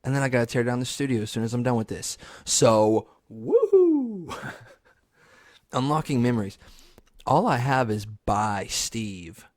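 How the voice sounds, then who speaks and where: A young man hosting his own podcast, telling a funny story solo in a loose, profane way, now and then jumping into high yelps. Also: normal speed, dry recording, clean studio sound. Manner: animated, swears a lot, jumps into high squeaky yells for emphasis. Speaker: podcast host.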